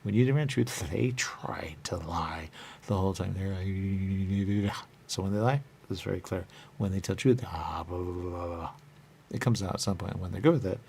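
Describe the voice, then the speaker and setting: A man with a very low, gravelly voice rambles through a loose monologue, circling back to the same catchphrases again and again. A faint hiss of noise sits under his voice. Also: a little fast, a little mellow. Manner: repetitive, rambling, repeats catchphrases. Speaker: radio show host.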